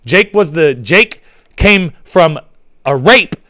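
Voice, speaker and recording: Casual, profane young male vlogger with a bright, lively voice, recorded dry and close. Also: on the high side, slow, no echo. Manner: rambling, profane, animated. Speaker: vlogger reading viewer comments. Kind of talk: casual chat.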